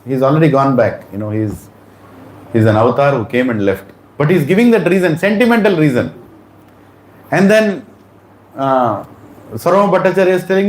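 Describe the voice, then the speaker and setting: A man giving an animated storytelling sermon at a temple Sunday feast, acting out the lines of the people in his story. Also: a little high, moderate pace, pauses often. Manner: animated, acts out dialogue in changing voices. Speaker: devotional speaker. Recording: echoey hall, faint room noise.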